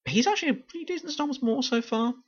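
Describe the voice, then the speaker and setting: A tired TV series reviewer rambles through a casual, unscripted review, laughing often and correcting himself along the way. His very high-pitched voice is fast, lively, and a little breathy, captured on lo-fi audio.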